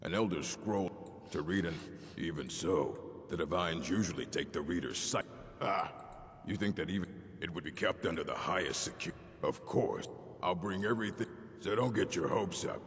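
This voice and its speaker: An actor playing a curt, grumpy old male orc librarian in a video game, with a deep, gravelly voice. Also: moderate pace. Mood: gruff. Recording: game audio with long hall reverb.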